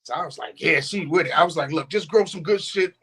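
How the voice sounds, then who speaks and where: A man's voice: a little high, fast talker, husky. A man streaming, telling stories in casual chat, swearing freely, laughing often and acting out quotes. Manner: profane, laughing often, animated quoting.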